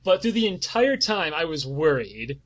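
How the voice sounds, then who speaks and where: A man in his twenties telling a comedic personal story on a podcast, animated and swearing, now and then breaking into mock-dramatic singing. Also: on the high side, normal speed. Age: 20s.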